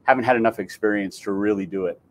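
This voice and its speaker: A man's voice: lowish voice, quick pace. Man demonstrating voices theatre guest. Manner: laughs easily, demonstrates accents. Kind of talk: casual chat.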